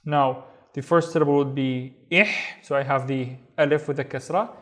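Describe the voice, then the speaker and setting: A man's voice: medium pitch, fairly even intonation, moderate pace, a bit bright. A man with a Saudi accent teaching a beginner Arabic reading lesson, patiently sounding out and repeating words. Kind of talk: step-by-step language lesson.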